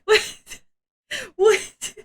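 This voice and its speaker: A woman's voice: extremely slow, a bit bright. A woman streamer in casual live-stream chat. She rambles and restarts often, and she laughs and shrieks a lot.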